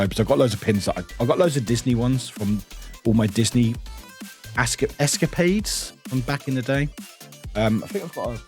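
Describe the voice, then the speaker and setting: A man's voice: mid-range voice, a little mellow. Chatty British streamer, young man, greets chat, bouncy intonation over faint music. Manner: chatty, greets viewers, laughs often. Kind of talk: casual live-stream chat.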